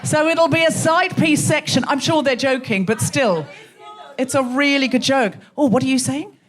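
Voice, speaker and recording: A woman with an English accent and a faint Australian trace, hosting a live comedy show in a theatre with quick, teasing audience banter. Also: high voice, faint music behind. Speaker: comedy podcast host.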